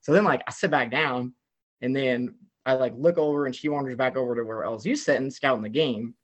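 Fast-talking young man telling a story. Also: mid-range voice. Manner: animated, rambling, heavy use of "like". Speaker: guest. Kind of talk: casual storytelling chat.

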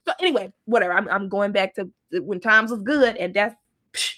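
Animated, profane woman telling a story. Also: normal speed. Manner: animated, profane, laughs often, swings into high-pitched outbursts. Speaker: storyteller recounting her dating life. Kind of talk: casual storytime monologue.

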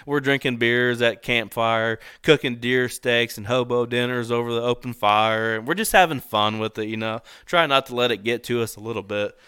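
A man telling a story about a hunting trip in a relaxed, conversational way. He laughs often and slips into voices for the people in his tale. His voice is bright and crisp, recorded dry and up close. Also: medium pitch, moderate pace, few pauses, no echo. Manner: animated, laughs often, acts out voices in quotes. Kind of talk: casual storytelling.

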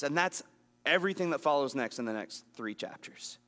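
Animated man teaching a Bible lesson, echoing. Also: on the high side, fairly quick. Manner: conversational, animated, acts out scenes.

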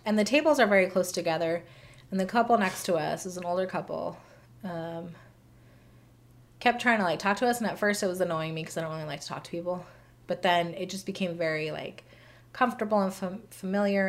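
A young woman with a lowish voice co-hosts a podcast, talking fast in casual chat. She tells stories in a chatty way, sprinkling in lots of filler words like "like" and "um."

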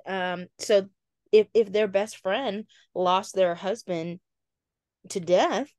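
A woman co-hosting a faith-based podcast, explaining ideas calmly with examples and quoted dialogue. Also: mid-range voice, slow, dry recording, clean studio sound. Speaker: podcast co-host. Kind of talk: casual chat.

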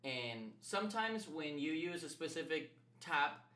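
A young man co-hosting a podcast, telling stories in a casual, animated, profane way and laughing often. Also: a little high, measured pace. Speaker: podcast co-host. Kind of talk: casual storytelling chat. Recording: echoey room.

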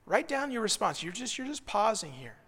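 A man leading a devotional Bible study, earnest, moving between hushed reflection and excited praise. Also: sits high, fairly quick, breathy edge, long reverb tail. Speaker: pastor.

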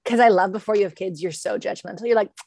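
A woman's voice: mid-range voice, quick pace, creaky, a little mellow. A woman podcast host responding to her guest in an affirming, chatty way, with frequent ums. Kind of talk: conversational podcast talk.

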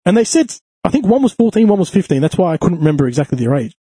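A man telling a crude, animated story in casual chat, swearing freely. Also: high voice, racing, husky, no echo. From Australia.

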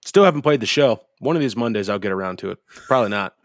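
A man's voice: on the low side, lively intonation, fast talker, no room sound, studio quality. A man co-hosting a podcast, telling a rambling, profane story in casual chat. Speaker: podcast co-host.

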